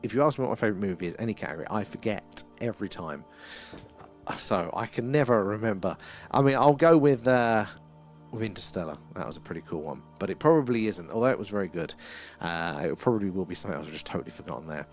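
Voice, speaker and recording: A middle-aged Englishman hosts a live stream and chats loosely with viewers, reading their names off the chat and rambling between thoughts. His pitch rises and falls a lot as he talks. Faint music plays underneath him. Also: lively intonation, quick pace. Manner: chatty and rambling, reads out chat names, laughs often. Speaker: livestream host.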